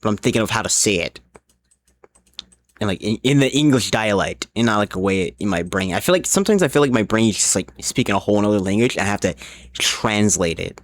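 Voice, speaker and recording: A man's voice: lowish voice, animated, a little fast, dry recording. A man streaming a game live, rambling along as he plays, often restarting his sentences and swearing, and a little drunk. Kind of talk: casual live gaming commentary.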